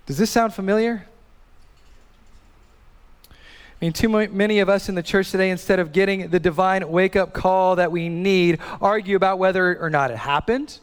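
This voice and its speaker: A man's voice: sits high, normal speed, clean tone. A man preaching a sermon as pastor, emphatic, repeating key phrases and asking rhetorical questions, in a church sanctuary. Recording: long hall reverb.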